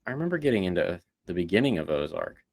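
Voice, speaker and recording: Deep-voiced relaxed male podcast co-host. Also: quick pace. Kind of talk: casual chat.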